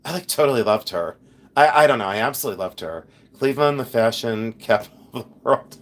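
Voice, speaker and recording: A man's voice: mid-range voice, lively intonation, fast talker, a bit bright. A middle-aged man from Ohio hosting a casual live stream, telling chatty stories, laughing often and reading viewer comments aloud. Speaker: livestream host and reseller.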